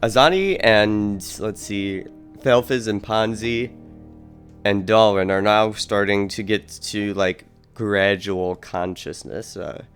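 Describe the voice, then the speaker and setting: Low-pitched guy narrating a tabletop game as game master, loose and filler-heavy. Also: smooth. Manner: relaxed, loose narration with many "uh" and "kinda".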